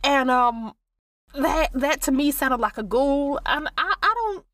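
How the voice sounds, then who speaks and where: A woman's voice: high-pitched, expressive, a little slow, a bit bright, dry recording, clean studio sound, distant mic. A woman voicing a dramatic, devout woman who is terrified of ghouls, exclaiming and stammering. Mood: flustered.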